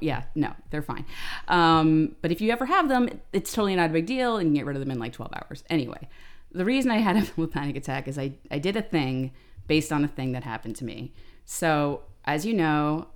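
A woman co-hosting a podcast, telling stories in a lively, ranting, freely swearing way. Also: deep voice, fairly quick, clean tone. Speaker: podcast co-host. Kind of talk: casual chat, storytelling.

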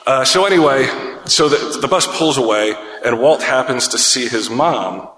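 A man with a bright, forceful voice spins a rambling, foul-mouthed story on a casual podcast, chuckling as he goes. The room is echoey with a long, hanging reverb. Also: medium pitch, lively intonation, moderate pace. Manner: rambling, profane, laughs through his own story. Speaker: podcast co-host.

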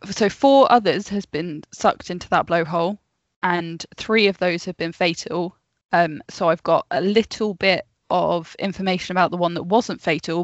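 A woman co-hosting a casual chat podcast, reading a story from her notes and breaking off for asides and laughs. Her voice sits a little low, and it is recorded dry with a dull, muffled tone. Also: no room sound. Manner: reads from notes, laughs often, chatty asides. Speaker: podcast co-host.

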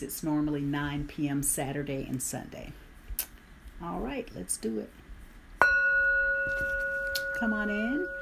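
Calm, gravelly woman guiding meditation. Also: on the low side, slight background noise. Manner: calm, slow, instructive, with light laughs. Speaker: meditation leader. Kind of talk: guided meditation and stretching.

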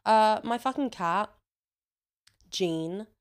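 A woman's voice: medium pitch, extremely slow, clear, resonant tone. Sweary chatty woman podcaster. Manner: chatty, sweary, laughs often, gets animated when ranting. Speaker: podcast host. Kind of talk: casual solo podcast chat.

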